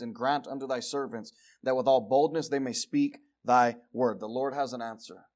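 A male preacher giving a sermon, reading scripture and moving from loud declarations to quiet asides. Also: mid-range voice, steady tone, moderate pace, hardly any pauses. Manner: reads scripture aloud in King James wording.

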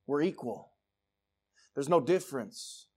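A man preaching a sermon, telling folksy, jokey stories and swinging from hushed asides to loud outbursts. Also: mid-range voice, expressive, takes it slowly, husky.

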